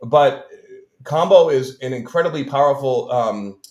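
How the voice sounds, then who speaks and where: A man's voice: medium pitch, unhurried, a little mellow, dull audio. A man earnestly explaining a healing practice in casual interview talk, often checking in with "right?". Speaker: guest healer. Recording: roomy echo.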